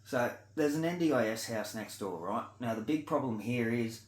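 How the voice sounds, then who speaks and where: A man with an Australian accent in a blunt, sweary rant to camera, swinging between loud outbursts and low mutters. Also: animated, normal speed, reverberant. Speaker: vlogger. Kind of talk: ranting monologue to camera.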